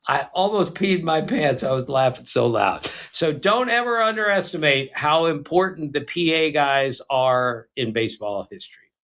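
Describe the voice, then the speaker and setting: A man's voice: fairly high pitch, expressive, moderate pace, a bit bright, a little hiss or hum. A man co-hosting a casual baseball podcast, telling anecdotes with frequent restarts. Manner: storytelling, stumbling restarts. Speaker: podcast co-host. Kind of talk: casual sports chat.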